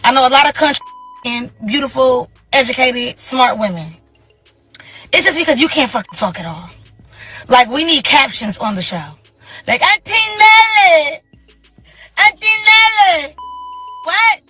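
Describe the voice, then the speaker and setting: High, bright-voiced woman ranting bluntly. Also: expressive, normal speed, long pauses, husky, no room sound, faint music behind. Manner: insulting, mocking, blunt. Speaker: reality show cast member. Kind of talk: confessional rant.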